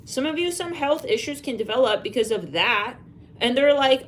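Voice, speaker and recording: A woman with a slightly high, expressive, fairly bright voice speaks at normal speed, with slight background noise. Doing a live psychic reading, she muses aloud, spells out letters and names, and sighs and uses fillers.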